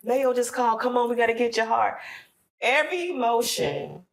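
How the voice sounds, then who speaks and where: A woman's voice: fairly high pitch, big pitch swings, normal speed, creaky. A woman from Florida telling an emotional personal story on a podcast, acting out her prayers and what others said. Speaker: podcast guest.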